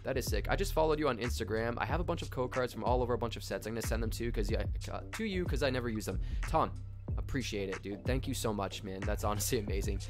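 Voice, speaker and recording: A young man streaming live from his home office on a desk microphone, excitably reading out chat names and laughing as he opens card packs. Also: mid-range voice, fast talker. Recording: loud game music under the voice. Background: game music.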